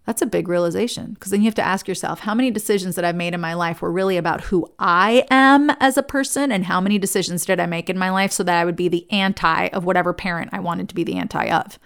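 Gravelly-voiced woman therapist giving a talk. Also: on the low side, fast, hardly any pauses. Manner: earnest, conversational storyteller. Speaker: licensed therapist.

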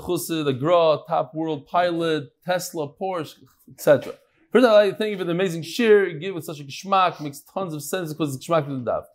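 A man with a slightly raised pitch, leading a religious study class before a live group. He reads listener notes aloud and comments on them in a loose, chatty way, mixing in Yiddish and Hebrew words. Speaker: Talmud class teacher reading listener messages. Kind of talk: casual talk to a live class.

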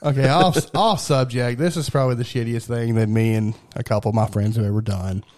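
A man's voice: on the low side, fairly even intonation, fast talker, a little mellow. A man co-hosting a podcast in casual, profane chat, sarcastic and telling stories. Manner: crude, sarcastic, storytelling. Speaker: podcast co-host.

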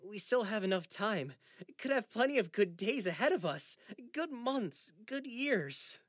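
A grieving adult son, anxious and raw, who pleads and slips into sarcasm, as a man voices him in an audiobook. His voice rides high and swings widely. It is a close, dry recording. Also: very animated, unhurried, a bit bright, no room sound, full character voice. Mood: pleading, upset.

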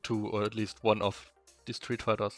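A young man from Eastern Germany with a strong German accent, a native German speaker, chatting as a podcast guest and telling stories haltingly with many fillers. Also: fairly low pitch, completely flat delivery, faint music behind. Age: young adult. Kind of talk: casual interview chat.

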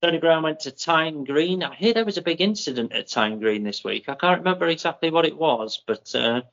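A man's voice: a little high, expressive, a bit bright. Man reading running results. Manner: methodical, with many ums and drawn-out names. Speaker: podcast co-host. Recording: muffled lo-fi audio.

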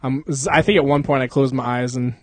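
A man's voice: mid-range voice, steady tone, brisk, no room sound. A young man hosting a casual podcast, rambling and swearing, laughing often, sounding sleepy. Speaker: podcast host. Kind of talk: casual chat. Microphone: close podcast mic.

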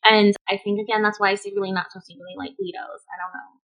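A woman's voice: mid-range voice, level tone, racing, fairly bright tone, rough recording. Chatty opinionated woman podcast host. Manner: chatty and opinionated, laughs often. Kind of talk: casual chat.

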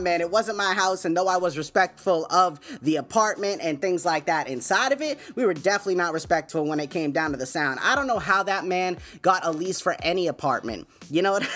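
A man's voice: high voice, bright, forceful tone. A man hosting his podcast, telling stories in a loose, laid-back way and chuckling often. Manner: laid-back and chatty, peppering talk with "man" and "you know what I'm saying". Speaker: podcast host. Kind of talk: casual storytelling monologue.

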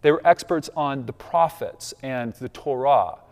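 A pastor preaches in a church sanctuary, his medium-pitched, slightly mellow voice unhurried. He keeps things conversational, checking in with the congregation by asking "right?", while the large hall's long reverb trails after him.

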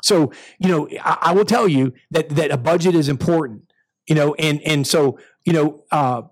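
A male pastor delivers a sermon in an emphatic, restarting style that keeps surging upward. His voice sits a little high for a man. The sound is dry and close, with no room around it. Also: moderate pace, dry recording. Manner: emphatic, with repeated restarts and rising bursts.

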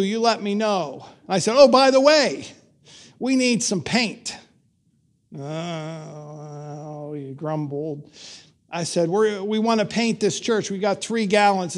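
An older male pastor telling a story in a sermon, slow and measured with dramatic pauses. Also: high-pitched.

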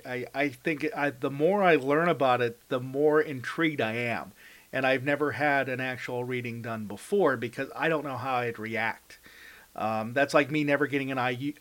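A man hosting a radio interview, curious and halting, often restarting his words. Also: medium pitch, fairly bright tone. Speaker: radio host.

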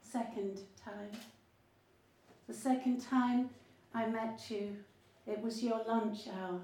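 A woman's voice: a little high, mellow, slight background noise. A woman poet reading a conversational, story-like poem. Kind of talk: poetry reading. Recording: very echoey room, from a distance.

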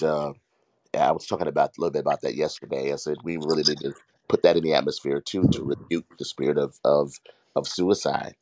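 A man who is a pastor, talking earnestly in a halting way on a faith podcast. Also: rumbling low, darkish tone, no room sound. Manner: halting, many fillers and restarts, earnest. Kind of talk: casual faith talk.

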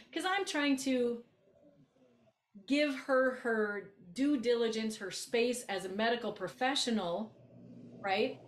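A woman co-hosting a podcast, telling a story in casual chat, blunt and animated, acting out both sides of a conversation. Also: on the high side, measured pace, echoey room. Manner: animated, blunt, acts out quoted exchanges. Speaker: podcast co-host, coach.

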